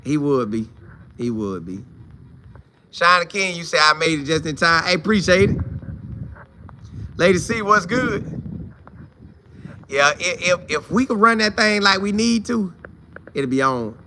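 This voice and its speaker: A man hosts a loose, chatty live show, reading out viewers' comments and greeting them one by one. His voice sits a bit high and rings very bright. He leans on repetition, saying a line twice to drive it home. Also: a little slow, pauses often, a little hiss or hum. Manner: greets viewers by name, repeats phrases for emphasis. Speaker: host of a college football fan show.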